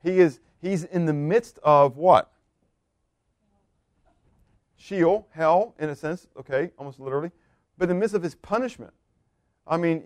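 A man's voice: medium pitch, no room sound. Man preaching a chatty, dry-sounding sermon. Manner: conversational, rhetorical questions, laughs. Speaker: pastor.

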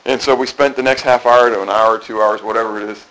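A man's voice: on the low side, steady tone, fast talker, fairly bright tone, rough recording. A middle-aged man preaching a sermon in a conversational way, asking the congregation questions and often repeating and restarting phrases. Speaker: pastor.

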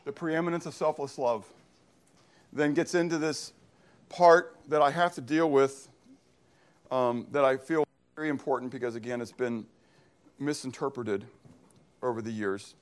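A male pastor delivers a sermon at a middle pitch, with emphatic phrasing. He often throws a question to the listeners and then answers it himself. His delivery swings between driving points hard and dropping low and quiet. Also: fairly even intonation, measured pace, long pauses. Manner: emphatic, uses call-and-response questions.

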